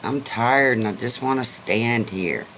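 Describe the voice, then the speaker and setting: A weary old horse in a told storybook tale, put on by a man, slow and sinking low as he begs to be left alone. The voice is medium in pitch, with a faint hiss of noise behind it. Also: a bit bright. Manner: slow, tired, low and dragging.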